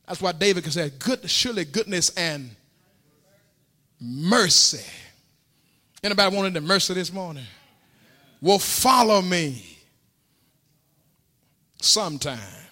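A man preaching a sermon in a church, repeating phrases in call-and-response and rising to shouts. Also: sits high, expressive, slow pace, pauses often. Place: church sanctuary. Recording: long hall reverb.

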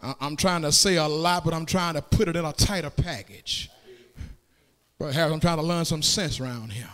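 A man preaching a sermon in a church, swinging from plain talk into shouted, sung cadences and calling out to the congregation for answers. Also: fairly high pitch, normal speed. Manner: calls out to the congregation for response. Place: church sanctuary. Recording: long hall reverb.

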